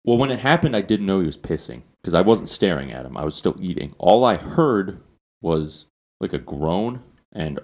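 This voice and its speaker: Low-voiced man telling a profane story. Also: creaky, a little mellow. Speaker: podcast host. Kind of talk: casual storytelling.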